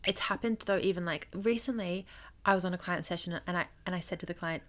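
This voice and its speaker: A woman hosting her own coaching podcast, speaking earnestly and loosely, with lots of "like" and gentle encouraging advice. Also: lowish voice, fast. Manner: earnest, loose and conversational with frequent "like". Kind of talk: solo podcast talk.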